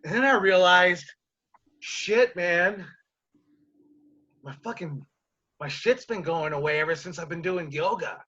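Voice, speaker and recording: A man's voice: high voice, a little slow, long pauses, sharp tone, muffled recording. A man coaching wrestlers over a video call, telling a rambling personal story in a casual way, swearing often and calling his listener dude and brother.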